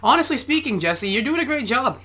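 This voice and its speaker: A man's voice: very high-pitched, very animated, brisk. A man, an amateur boxer, giving casual reaction commentary and explaining boxing technique step by step.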